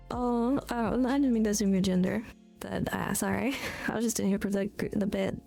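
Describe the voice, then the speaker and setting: A woman streamer rambles through casual chat with her viewers, giggly and goofy. Her voice carries a gravelly vocal fry with a dark, mellow tone. Faint music plays behind her. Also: mid-range voice. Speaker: live streamer.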